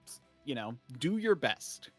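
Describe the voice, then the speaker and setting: A man's voice: mid-range voice, big pitch swings, measured pace, breathy edge, soft background music. A man guest-hosting a tabletop podcast, thoughtful and a bit hesitant, often trailing off. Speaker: guest host. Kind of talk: casual chat.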